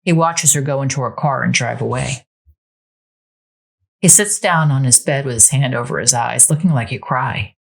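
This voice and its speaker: Husky-voiced woman reading a story. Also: extremely low pitch, normal speed. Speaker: storyteller and channel host. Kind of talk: reading a Sims story aloud.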